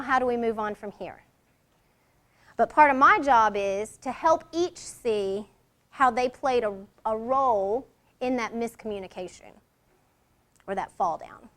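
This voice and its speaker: A middle-aged woman leads a workshop in a conversational presentation. Her voice sits high, and she acts out short example lines in different tones to make a point. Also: a bit bright. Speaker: workshop leader.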